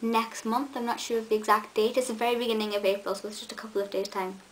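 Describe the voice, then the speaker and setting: A woman's voice: on the high side, little pitch movement, fast talker, poor audio. A young woman, chatting eagerly to camera in a vlog, with many ums and restarts. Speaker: vlogger. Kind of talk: casual chat to camera. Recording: faint hiss.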